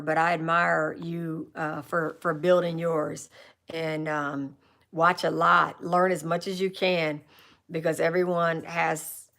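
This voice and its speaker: A woman's voice: low-pitched, creaky, fairly bright tone. Chatty, rambling woman on a live stream. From California. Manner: chatty, rambling, with restarts and asides. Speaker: livestream host answering viewer questions. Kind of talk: casual live chat.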